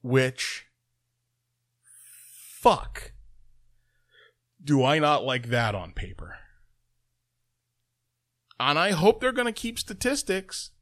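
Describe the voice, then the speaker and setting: A man's voice: on the high side, very animated, slow pace, long pauses, a bit bright. A man from Canada, reading news stories aloud and breaking off into sarcastic, profane asides. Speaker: host reading and commenting on news. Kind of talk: casual news commentary. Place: Toronto.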